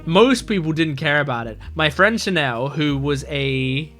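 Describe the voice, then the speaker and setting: A man with a bright, fairly high voice plays through a mystery game, reading its text aloud. He talks loosely and rambles, with lots of fillers and restarts. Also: expressive, a little slow, soft background music. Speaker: gamer playing a mystery game. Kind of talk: casual let's-play commentary, reading game text aloud.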